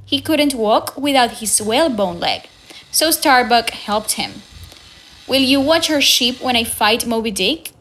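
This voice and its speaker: Slow-reading woman narrator. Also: a little high. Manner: slow, even storytelling read with raised voices for quoted lines. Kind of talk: scripted audiobook narration.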